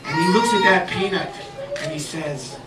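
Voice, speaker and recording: Brief: playful male children's storyteller, high lively voice, echoey live room, crowd. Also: moderate pace, far from the mic, heavy background noise. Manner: animated, playful, repeating refrains. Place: live children's show venue.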